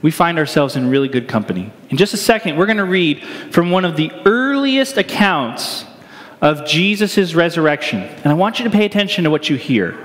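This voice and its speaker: A pastor preaching an Easter sermon in a conversational, joking way, often checking in with "right?". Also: male voice, a little high, sing-song, a little fast, fairly bright tone. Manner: conversational, self-deprecating humor, asks "right?" often. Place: church sanctuary. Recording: reverberant church hall.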